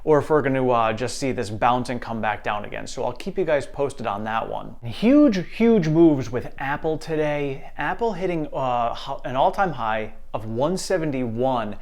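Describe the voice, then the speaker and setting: A man's voice: medium pitch, lively intonation, normal speed, few pauses, a little mellow. A man hosting an investing channel, talking viewers through their stock worries in an upbeat, reassuring way. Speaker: stock market channel host. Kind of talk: casual investing commentary.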